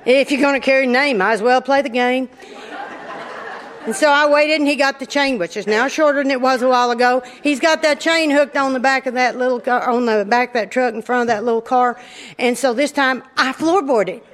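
A woman's voice: sits high, brisk. A middle-aged woman telling a funny story from her own life to an audience. She talks in a folksy way and often laughs. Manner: lively, laughs often, drawling folksy delivery. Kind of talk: humorous personal storytelling to an audience.

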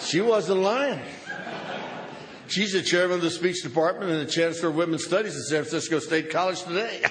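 At a recovery meeting, an older man with a high-sitting voice talks a little fast as he tells a funny story. The delivery is punchy and sardonic, set in a reverberant hall with noise in the background.

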